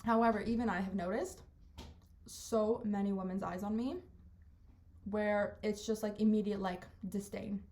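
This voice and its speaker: A woman's voice: medium pitch, steady tone, normal speed, a little mellow. A young woman hosting a podcast alone, rambling casually from thought to thought and filling her talk with "like". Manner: rambling, chatty, valley-girl fillers; self-interrupting, jumps between topics. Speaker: podcast host. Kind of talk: casual monologue.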